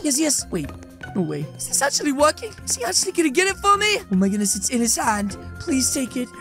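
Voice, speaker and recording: A woman narrating a role-play game, talking to viewers in an animated, excitable way. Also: sits high, fast talker, soft background music.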